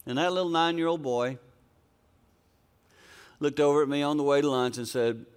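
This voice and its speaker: A man's voice: a little high, steady tone, moderate pace, clear, resonant tone. An older man preaching a sermon, telling a personal story in an earnest, conversational, folksy way. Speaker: pastor.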